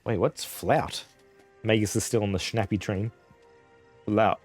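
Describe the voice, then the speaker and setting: Low-voiced Australian man streaming casually. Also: fairly even intonation, measured pace, pauses often, darkish tone, husky, faint music behind. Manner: rambling, chuckles often, swears casually. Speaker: game streamer. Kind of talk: casual live-stream chat.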